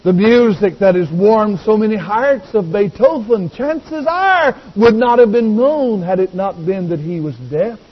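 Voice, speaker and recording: A male pastor preaching a sermon with passion, rising to loud cries and dropping to hushed tones. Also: high-pitched, animated, measured pace, hardly any pauses, slightly rough. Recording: dull recording with long hall reverb.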